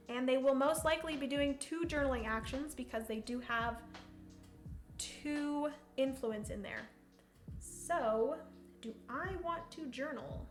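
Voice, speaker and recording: High, chatty woman streaming a board game. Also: roomy sound. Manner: chatty, thinks aloud while counting and reading rules; greets chat viewers playfully. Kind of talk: live-streamed solo board game play.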